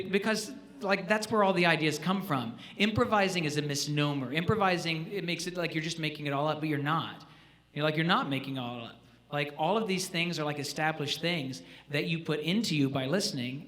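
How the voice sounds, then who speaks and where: Man clinician, bright edgy voice, a bit high, playful with students in a school hall. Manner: animated, joking, asks the audience questions. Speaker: jazz clinician. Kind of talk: live music clinic teaching students. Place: school auditorium.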